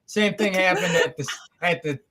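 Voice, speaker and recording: Small-town michigan guy hosting a chill podcast chat, voice sits a bit high, tells stories animated. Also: normal speed. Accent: rural Michigan. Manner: chatty storyteller, animated when retelling exchanges. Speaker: podcast host. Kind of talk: casual interview chat.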